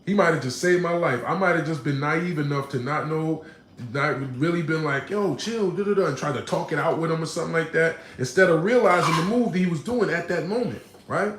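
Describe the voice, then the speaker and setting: Animated man telling a story in a roomy room. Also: on the high side, fairly quick, slight background noise. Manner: animated, slangy, keeps asking "right?". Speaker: streamer telling a personal story. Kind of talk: casual storytelling to a live chat.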